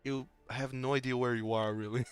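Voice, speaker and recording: A man's voice: medium pitch, little pitch movement, normal speed, clean tone, no echo, clean studio sound, soft background music. A man narrating as game master of a tabletop game, loose and full of fillers.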